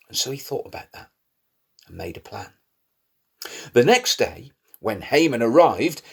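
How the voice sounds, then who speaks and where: A man narrating a Bible story for young children in an expressive storytelling manner. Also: medium pitch. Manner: lively, expressive storytelling with rising emphasis.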